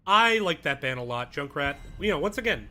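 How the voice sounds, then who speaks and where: Bright-voiced male esports caster. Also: fairly high pitch, sing-song, a little fast. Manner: casual, crude, joking asides while eating on stream. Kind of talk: solo esports draft commentary.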